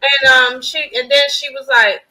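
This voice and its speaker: A woman's voice: sits high, steady tone, normal speed, pushed and bright, rough recording. A middle-aged woman telling a frank, stern story in a casual podcast chat, with plenty of fillers.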